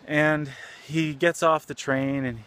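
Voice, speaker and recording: A man, a martial arts teacher, telling a story in a relaxed, rambling way with many fillers. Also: on the high side, slow, smooth. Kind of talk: casual storytelling lesson.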